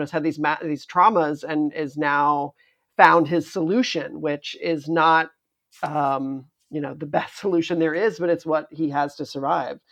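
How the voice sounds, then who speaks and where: A podcast co-host chatting casually about a TV series, animated and rambling, with playful asides. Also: medium pitch.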